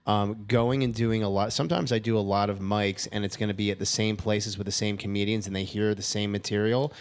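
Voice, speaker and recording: A man's voice: fairly low pitch, fairly even intonation, a little fast, clear, resonant tone. A man co-hosting a comedy podcast, asking earnest, rambling questions. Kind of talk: casual podcast interview.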